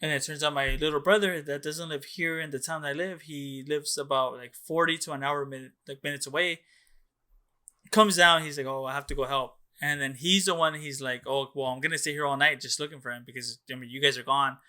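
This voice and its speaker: A young man tells a story on a casual podcast, rambling and loose, with plenty of "like" and "dude" and frequent swearing. His voice is bright and forceful, sitting a little higher than most men's. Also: fairly even intonation, brisk. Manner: rambling, profane, many "like"s and "dude"s. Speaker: podcast co-host.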